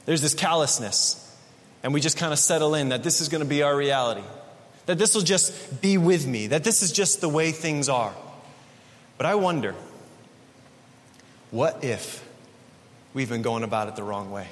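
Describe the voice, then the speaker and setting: A man's voice: a little high, animated, normal speed, long pauses, long reverb tail. A man preaching a sermon as a pastor, in a conversational, emphatic way, often repeating his phrases.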